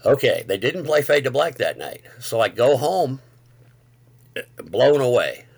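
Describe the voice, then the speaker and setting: A middle-aged man telling a story with excitement, acting out quotes as he goes. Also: mid-range voice, measured pace, vocal fry, husky, no echo. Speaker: guest. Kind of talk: casual storytelling.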